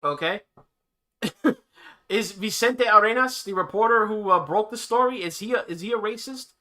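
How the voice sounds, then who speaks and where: A man's voice: high voice, normal speed, pushed and bright. A man hosting a livestream, reacting to news clips with sarcastic commentary and frequent laughter. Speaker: livestream host.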